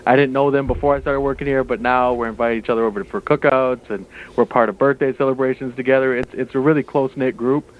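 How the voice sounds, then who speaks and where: A casino staff member phones in as a guest for a promotional radio interview, upbeat and dropping lots of "uh" fillers as he plugs his workplace. His mid-range voice stays fairly even in intonation and moves at a quick pace. The tinny phone line colors everything.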